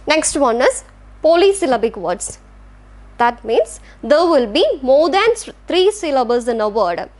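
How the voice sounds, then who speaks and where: A woman with a high voice and an Indian English accent gives a recorded English lecture. She explains patiently, sounding out example words syllable by syllable. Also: sing-song, unhurried, a little mellow. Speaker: English teacher. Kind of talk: classroom lecture.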